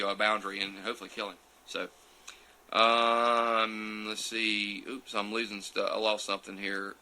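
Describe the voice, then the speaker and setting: A champion turkey caller answers viewer questions in a loose, chatty live Q&A and demonstration recorded on a phone. His voice sits on the low side with a bright, forceful tone, and the recording quality is low. He digresses freely and reads out comments as he goes.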